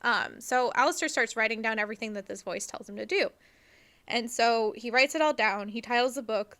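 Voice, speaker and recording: Bright, crisp-voiced woman podcaster. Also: mid-range voice. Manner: animated, profane, trails off with fillers like "like". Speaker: podcast co-host. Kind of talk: casual storytelling chat.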